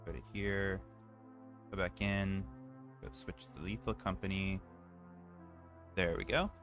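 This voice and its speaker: A man's voice: deep voice, fairly even intonation, a little slow, over music. A man streaming a game, chatting casually and teasing his co-host with dry remarks. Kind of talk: casual chat while gaming.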